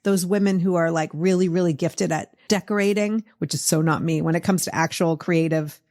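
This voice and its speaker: A woman's voice: fairly low pitch, fairly even intonation, brisk, a little mellow. A middle-aged woman with a Boston accent hosting a podcast, chatting in a casual, encouraging way with lots of fillers. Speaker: podcast host. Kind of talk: casual interview chat.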